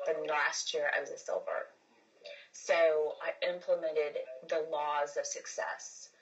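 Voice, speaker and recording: A woman with a low, deep voice talks straight into a phone on a casual livestream. She rambles, restarts her sentences and repeats words, leaning hard on emphasis. The sound is dull and lo-fi. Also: little pitch movement, slow. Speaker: livestream host.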